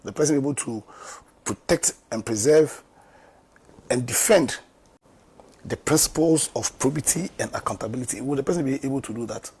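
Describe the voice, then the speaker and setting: A man's voice: mid-range voice, fairly quick, a little mellow, husky. A man with a Ghanaian English accent giving political commentary, asking rhetorical questions and turning emphatic.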